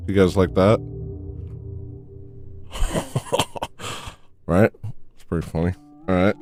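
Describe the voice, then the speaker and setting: A man hosting a comedic livestream, chatting in a rambling deadpan way and thanking viewers for tips. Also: sits low, takes it slowly, faint music behind. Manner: deadpan, drifts into loud baby-cry impressions. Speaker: livestream host.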